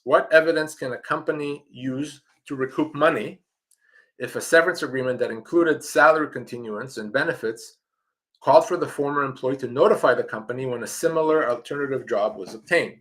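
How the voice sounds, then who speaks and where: In a live-streamed Q&A, a middle-aged Canadian man who works as an employment lawyer gives advice in a mid-range, slightly bright voice. Emphatic and direct, he keeps coming back to repeat the important points.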